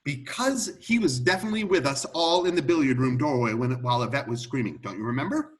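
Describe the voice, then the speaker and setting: A man reading the part of an excitable butler who explains a murder solution in an amateur script read-through, telling it in an animated, theatrical way. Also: mid-range voice, quick pace, lightly acted.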